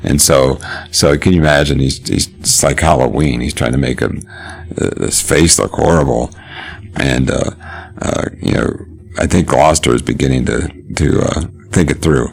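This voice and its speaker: A man gives a casual literature lecture, talking in a chatty, halting way with frequent chuckles. His voice is extremely low and full of gravelly fry. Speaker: literature teacher.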